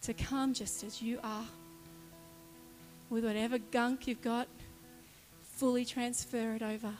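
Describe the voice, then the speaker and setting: A woman's voice: fairly high pitch, level tone, a little slow, a little mellow, faint music behind. A woman leading worship, speaking earnestly in short phrases and inviting people to pray. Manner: earnest, imagery-led, short spoken phrases. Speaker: worship leader. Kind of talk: sermon-style exhortation at a worship service.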